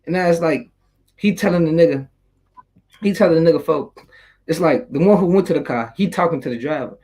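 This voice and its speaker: A young man tells a story in a casual, rambling way. His voice sits fairly high, and his talk is full of street slang and cursing. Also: a little fast, a little mellow, breathy edge, poor audio. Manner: streetwise slang, loose and rambling, swears freely. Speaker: YouTuber telling a story.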